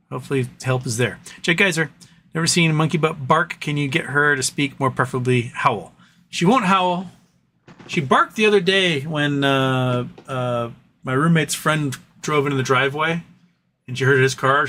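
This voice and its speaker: A man's voice: medium pitch, bright, forceful tone, a little hiss or hum. A man hosting a casual livestream, reading viewer comments aloud in a rambling, playful way and chatting to his dog. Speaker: livestream host.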